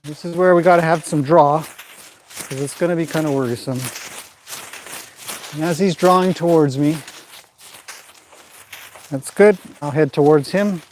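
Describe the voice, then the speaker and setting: A man training a horse in a pen, calmly explaining what he does while softly praising and directing the animal. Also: a little high, a little slow, long pauses, slight background noise. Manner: calm running commentary mixed with soft praise to the horse.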